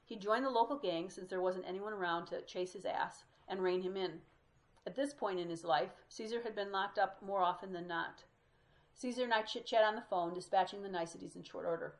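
Brief: female reader telling a true story, mid-pitched voice, drops in Spanish words. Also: brisk. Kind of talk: reading a memoir aloud.

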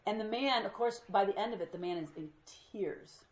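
A woman's voice: medium pitch, a little fast, few pauses, roomy sound. A woman teaching a group Bible study, telling stories with energy and acting out what people said. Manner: lively storyteller who acts out quoted speech.

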